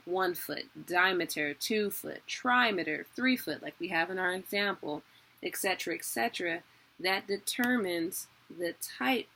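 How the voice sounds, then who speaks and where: Bright-voiced woman teaching casually. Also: lowish voice. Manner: chatty, self-deprecating, laughs at herself. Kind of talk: casual online lesson.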